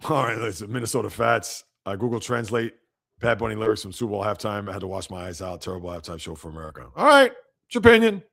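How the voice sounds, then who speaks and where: Gravelly guy doing a live sports show, animated, chatting back to viewers. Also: lowish voice, fast talker. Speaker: podcast host. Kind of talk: live sports podcast reading chat comments.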